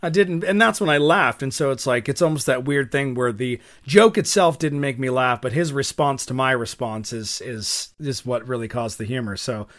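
A man's voice: mid-range voice, normal speed, few pauses, fairly bright tone. A young man co-hosting a podcast in casual chat, telling stories with lots of fillers and restarts. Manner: rambling storyteller with many fillers and restarts. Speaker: podcast co-host.

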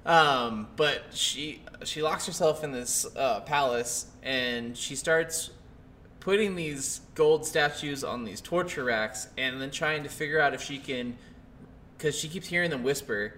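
A man's voice: on the high side, unhurried, pushed and bright, slight background noise. A man co-hosting a casual gaming podcast, easygoing and agreeable as he retells a story. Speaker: podcast co-host.

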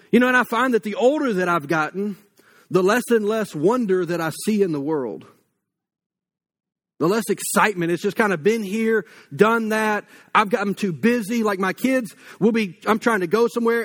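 A man's voice: high voice, a bit bright. A man, giving a casual, story-filled sermon full of fillers. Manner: casual and anecdotal, many fillers like "like" and "you know". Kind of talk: conversational sermon.

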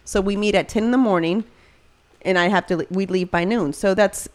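Woman, casual chat, animated storytelling, lots of fillers, mid pitch. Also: brisk. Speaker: podcast co-host.

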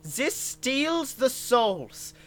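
A comedian putting on a slow, pompous voice for an evil scientist villain in a comic story. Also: high voice, big pitch swings, fairly bright tone, soft background music, pitched above the performer's own voice, heavily acted. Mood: grandiose. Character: evil scientist man doing a Herzog-style voice, grandiose villain.

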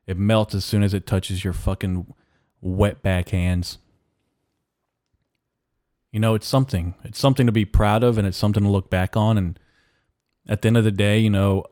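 A young man hosting a solo podcast, giving a halting, mock-mournful rant full of restarts. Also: low-pitched, mellow, no room sound, studio quality. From Mexican-American. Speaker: podcast host. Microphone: podcast mic.

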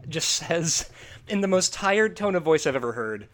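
A man hosting a casual movie review chat, talking in an animated, profane way and laughing often. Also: a little high, moderate pace. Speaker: podcast host.

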